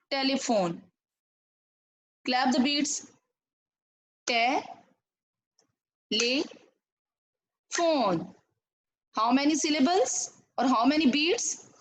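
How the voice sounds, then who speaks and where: Woman teacher, kinda high voice, going slow over a video call, repeats everything for the kids. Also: low-quality recording. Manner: slow, repetitive, clapping out syllables. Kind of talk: online classroom lesson.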